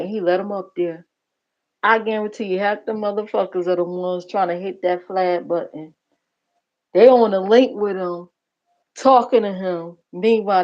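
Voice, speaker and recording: A woman's voice: medium pitch, darkish tone, dull audio. A woman hosting a livestream reaction channel, talking bluntly and profanely in casual commentary. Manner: blunt, profane, gossipy, talks straight to viewers.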